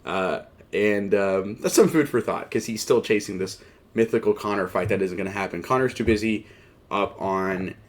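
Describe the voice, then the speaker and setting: A man's voice: lowish voice, normal speed. A man hosting a mixed martial arts show, talking in a rambling, casual way full of fillers and wry, self-mocking asides. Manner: wry, joking, laughs at himself. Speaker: MMA show host. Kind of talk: casual commentary.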